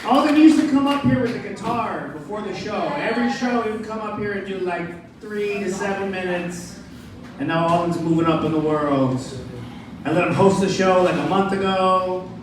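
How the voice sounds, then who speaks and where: Brash high-voiced man doing stand-up. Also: normal speed, far from the mic, heavy background noise. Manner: brash, animated storytelling with crude jokes. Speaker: stand-up comic and show host. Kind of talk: stand-up comedy set. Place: small comedy club stage. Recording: echoey room miked from afar, crowd heard. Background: audience laughter.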